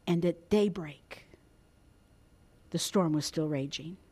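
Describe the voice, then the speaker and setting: A woman's voice: deep voice, slow, warm tone, slightly rough. A woman preaching a sermon, dramatic, dropping to a whisper and rising for emphasis.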